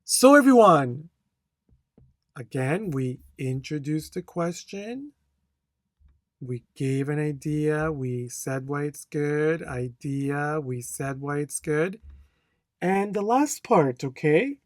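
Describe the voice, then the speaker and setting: In a speaking tutorial, this language test instructor speaks slowly and deliberately in a medium-pitched voice with lively intonation. After every point comes an "okay?", and a model answer is read out with careful intonation. The recording has no echo.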